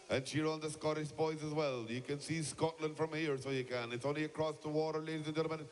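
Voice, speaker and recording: A man's voice: on the high side, little pitch movement, fast, few pauses, slight background noise. A man commentating live on a shearing contest and chatting to the audience over a PA in a large hall.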